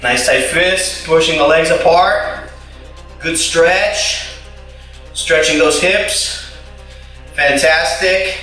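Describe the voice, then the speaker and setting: A male martial arts instructor leading an at-home workout class, upbeat and encouraging, counting reps out loud and cheering his students on. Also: fairly high pitch, very slow, pauses often, far from the mic. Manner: loud counting and shouted kiai. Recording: very echoey room, voice away from the mic, faint music.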